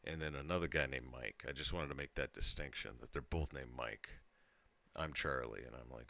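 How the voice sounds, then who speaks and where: A man's voice: extremely low pitch, moderate pace, gravelly, sharp tone, no room sound. A tipsy man in his thirties telling a rambling story to his channel, laughing and breaking off mid-sentence. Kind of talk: casual storytelling monologue.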